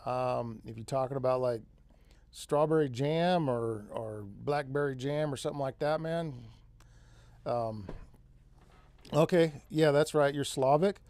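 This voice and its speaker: Unhurried and darkish in tone, this man's mid-range voice comes through with no echo. He hosts an off-grid live stream with a central Californian accent, casually rambling and relaxed, often tossing in "man" and "dude."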